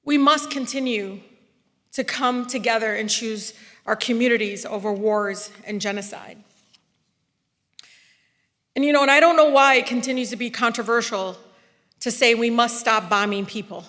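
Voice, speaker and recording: A woman, giving an impassioned political speech from a podium, rising to loud, emphatic peaks. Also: a little high, normal speed, pauses often. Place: large hall. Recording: long reverb of a large hall.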